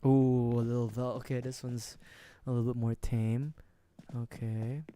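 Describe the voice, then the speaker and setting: A streamer giving casual livestream commentary on a life-sim game, joking around and dropping suddenly into hushed mutters. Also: mid-range voice, level tone, a little slow, clear, resonant tone, dry recording.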